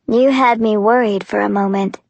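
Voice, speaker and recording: A woman reading an audiobook, voicing a young male military commander who speaks softly and unhurriedly, with quiet teasing. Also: mid-range voice, fairly even intonation, normal speed, creaky, no echo. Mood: calmly amused.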